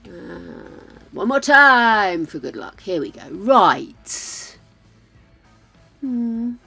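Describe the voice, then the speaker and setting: Older british lady gamer chatting away, slow and bright, bit of game music behind. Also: mid-range voice, sing-song, creaky, slightly rough. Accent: British English. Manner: chatty, laughs a lot, mutters to herself. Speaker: game streamer. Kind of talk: casual chat while playing.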